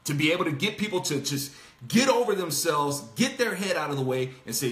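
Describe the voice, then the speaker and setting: A man hosting a casual Bible discussion with a bright, fairly high voice. He talks in an animated way, laughing often and acting out the lines he quotes. The room is echoey. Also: fairly quick. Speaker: host.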